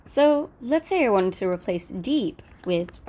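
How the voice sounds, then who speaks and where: A woman walks through a screen-recorded coding lesson in an easygoing, conversational way. She pauses on fillers and corrects herself as she goes, and her voice sits at an ordinary middle pitch. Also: expressive, warm tone, a little hiss or hum. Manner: casual, explanatory, with fillers and self-corrections. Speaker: coding tutorial host.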